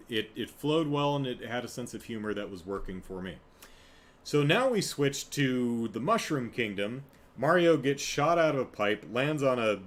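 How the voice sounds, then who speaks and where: A podcast host rambles through a casual solo review, interrupting himself to laugh and act out quotes. His voice sits on the low side and is a bit bright, with slight background noise.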